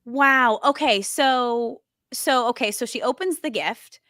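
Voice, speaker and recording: A woman's voice: fairly high pitch, takes it slowly, bright, forceful tone, no room sound, clean studio sound. A woman hosting a podcast who reacts with gushing enthusiasm and muses about connection. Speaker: podcast host. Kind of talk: casual interview chat.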